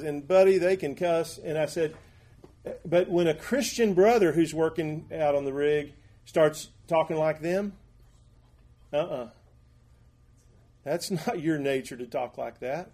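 A man's voice: a little high, darkish tone. Folksy man teaching a Bible class. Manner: conversational, halting restarts, folksy asides.

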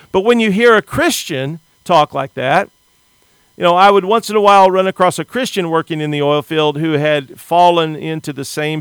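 A middle-aged American man preaching a sermon with an earnest, plain-spoken manner, often stumbling over and repeating the first words of a sentence. His voice sits a little high for a man and sounds smooth and clear. The recording is dry and close, with no room sound. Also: a bit bright, no room sound. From United States.

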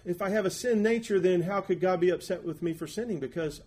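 A man teaching a Bible class in a conversational, folksy way, with halting restarts and asides. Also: high voice, darkish tone, breathy edge.

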